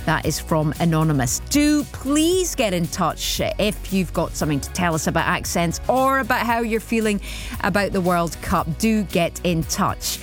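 A woman's voice: on the low side, lively intonation, normal speed, faint music behind. A woman from Yorkshire presenting a live morning radio phone-in, upbeat and chatty as she reads out listener texts. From Yorkshire, England. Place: radio studio. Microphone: studio microphone.

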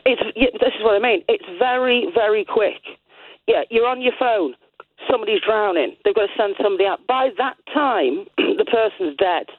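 A woman's voice: on the high side, normal speed, dry recording. A woman calling in to a radio show, chatty and opinionated, rambling through her views in casual talk. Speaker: radio caller. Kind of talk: casual phone-in chat. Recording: tinny phone line.

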